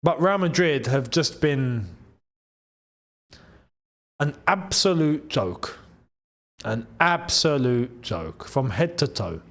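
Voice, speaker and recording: A young man hosting a casual live football watchalong, excitable and bantering, laughing often. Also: medium pitch, takes it slowly, long pauses. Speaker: football channel host.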